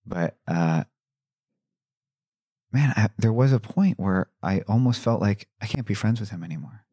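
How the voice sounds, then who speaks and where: A man's voice: lowish voice, expressive, measured pace, creaky, mellow, husky, no echo, clean studio sound. A man talking candidly and reflectively about a friendship. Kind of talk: personal conversation.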